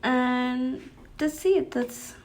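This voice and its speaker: Woman, teens, Spanish speaker, hesitant, slightly high pitch, slow unhurried delivery. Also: darkish tone. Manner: hesitant, halting, frequent restarts and fillers. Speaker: student. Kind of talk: homework anecdote in English.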